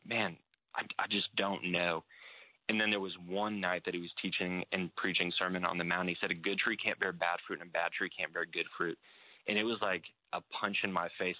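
A man's voice: deep voice, sharp tone, dry recording. A young man candidly telling his faith testimony, acting out past conversations as he goes. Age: young adult. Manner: candid, acts out past dialogue. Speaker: person sharing a faith testimony. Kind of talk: personal testimony storytelling. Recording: tinny phone-like dry sound.

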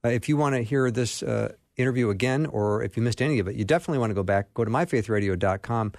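A man hosts a radio interview show, asking friendly, curious questions. His voice is fairly low, and the recording is dry and close. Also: a little mellow, dry recording.

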